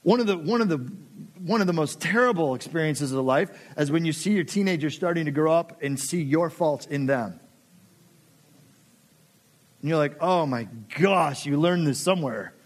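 A man's voice: fairly high pitch, normal speed, pauses often. A middle-aged man preaching a sermon, passionate and conversational, acting out quoted voices. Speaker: pastor.

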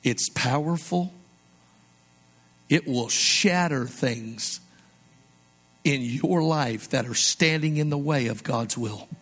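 A man preaching a sermon as a pastor, conversational and animated, rising to emphatic lines and dropping to soft, low asides. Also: slow pace, pauses often, slightly rough.

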